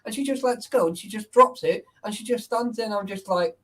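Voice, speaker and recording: A man on a casual stream chat with a slightly raised pitch, telling blunt anecdotes. He swears freely and keeps checking in with "right?" as he goes. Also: fairly quick, fairly bright tone. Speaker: guest on a livestream.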